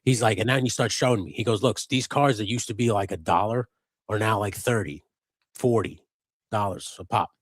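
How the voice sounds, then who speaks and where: Low-voiced guy cussing through a story on a live stream, dry close sound. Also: fairly quick, breathy edge, no room sound. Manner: profane, animated storyteller. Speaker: co-host of a live customizing stream. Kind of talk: casual chat, storytelling.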